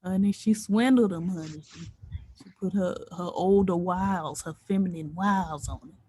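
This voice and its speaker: A woman's voice: lowish voice, moderate pace, dark tone, breathy edge, no echo. A woman co-hosting a casual chat podcast, playful and gossipy, drawling some words. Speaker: podcast co-host.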